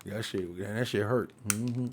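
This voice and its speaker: A man's voice: on the low side, takes it slowly, noisy background. Profane, laughing man in his forties. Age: 40s. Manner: profane, animated storytelling with frequent laughs. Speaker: podcast host. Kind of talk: casual solo podcast monologue.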